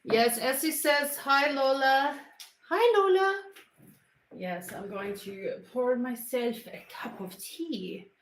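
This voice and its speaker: A woman's voice: fairly high pitch, slow pace, few pauses, a bit bright, slight background noise. A woman with an Australian accent, hosting a casual livestream from home and chatting playfully with viewers in slang. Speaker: livestream host. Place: home, moving into the kitchen. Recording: roomy home recording.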